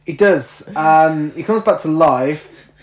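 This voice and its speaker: A man's voice: fairly high pitch, takes it slowly. A man co-hosting a casual film review, recounting the plot with mocking disbelief. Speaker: podcast co-host. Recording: roomy echo.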